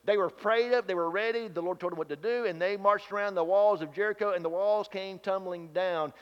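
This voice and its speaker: A man with a fairly high voice preaches a folksy, animated sermon full of rhetorical questions. His voice rings out with a long reverb in a large church space, and the recording sounds somewhat muffled. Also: fairly quick, smooth.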